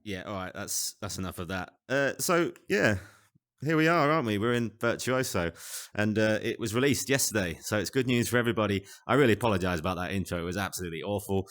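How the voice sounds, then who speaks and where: A man with a very low voice walks through a VR music app in a loose, chatty tutorial. He talks quickly and wanders into asides, often poking fun at himself. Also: lively intonation, a bit bright. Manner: chatty, rambling, self-deprecating, with many asides. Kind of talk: casual tutorial walkthrough. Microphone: desk microphone.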